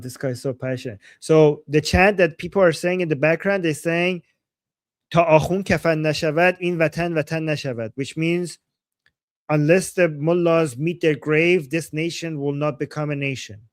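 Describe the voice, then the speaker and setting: A man on a video call giving live commentary on protest videos, excitable and often exclaiming as he translates chants. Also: on the high side, moderate pace, no echo. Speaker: guest commentator. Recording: loud background noise.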